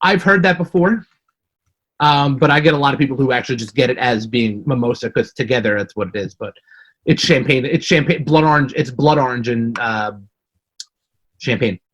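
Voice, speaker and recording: A man talking as a podcast guest, telling stories in a profane, animated way. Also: mid-range voice, moderate pace, husky. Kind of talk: casual chat.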